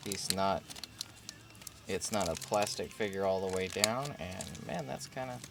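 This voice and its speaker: A man hosting a casual unboxing video, talking in a relaxed, rambling way with many fillers and self-corrections. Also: low-pitched, a little slow, vocal fry. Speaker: vlog host unboxing a collectible figure. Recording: steady background noise.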